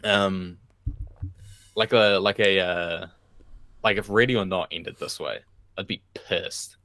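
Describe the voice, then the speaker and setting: A man's voice: sits low, slow pace, bright, forceful tone, dry recording. A man co-hosting a movie podcast in casual chat, laid-back, swearing freely and laughing often. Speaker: podcast co-host.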